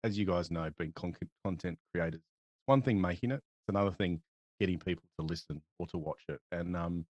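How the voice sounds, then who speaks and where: A man chats as a podcast guest, rambling and restarting as he talks. He has a fairly low voice, recorded dry and close. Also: brisk, darkish tone, dry recording, muffled recording. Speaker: podcast guest, documentary filmmaker. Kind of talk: casual podcast chat.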